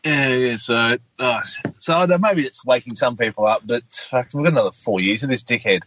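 A man's voice: mid-range voice, fairly quick, fairly bright tone, a little hiss or hum, low-quality recording. A man with an Australian accent, ranting and swearing in casual chat.

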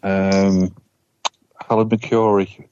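Low-pitched man, laid-back podcast chat, dull sound, faint hiss. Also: level tone, slow pace, darkish tone. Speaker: podcast co-host. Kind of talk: casual chat.

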